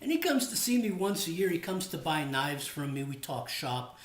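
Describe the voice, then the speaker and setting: A man's voice: a little high, very animated, moderate pace. A man hosting his own cooking channel, chatty and friendly, talking while he cooks in a home kitchen. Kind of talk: casual cooking vlog. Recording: echoey room.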